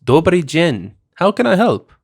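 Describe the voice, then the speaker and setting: Guy doing a gruff shopkeeper with a put-on slavic accent, curt one-word answers, pitched a bit up. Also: very animated, a little slow, full character voice. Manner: gruff and clipped.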